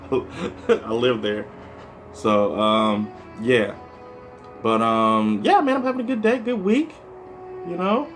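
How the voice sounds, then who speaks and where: Speaking at medium pitch with a creaky, slightly bright quality, a stand-up comedian from the American Midwest delivers a loose, rambling vlog monologue. He leans on "like" and "you know" and swears now and then.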